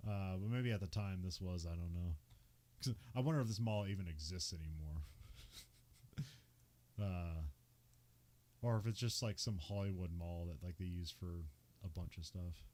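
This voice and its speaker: A man's voice: sits low, moderate pace, pauses often, a little mellow. A young man hosting a podcast, casually recapping a film with lots of filler words and laughs. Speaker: podcast host. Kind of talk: casual movie recap chat.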